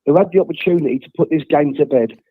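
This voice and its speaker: A man's voice: a little high, quick pace, husky, dry recording. An unwell man calling in by phone, ranting bluntly about his football team. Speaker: caller. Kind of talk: phone-in rant. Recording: tinny phone line.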